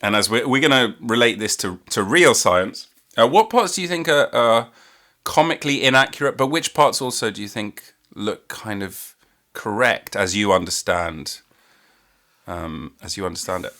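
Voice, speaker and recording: Podcast host guy, bright voice, laughs easy, rambly questions. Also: fairly low pitch, animated, moderate pace. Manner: laughs often, asks meandering questions. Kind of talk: casual podcast chat.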